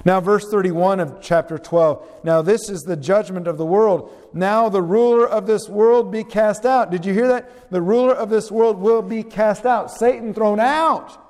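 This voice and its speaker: A man delivers a sermon in a church, his fairly high voice swooping down to a low hush for scripture quotes and climbing for questions. The sound carries the long reverb of a large hall. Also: unhurried, few pauses. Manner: swings pitch widely, drops low on quotes, rises on questions. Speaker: preacher.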